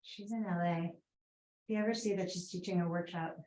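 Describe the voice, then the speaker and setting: A woman's voice: fairly low pitch, steady tone, a little fast, mellow, reverberant, a little hiss or hum, rough recording. A woman with a Boston accent teaching a guided yoga class, chatty, with rambling asides and fillers.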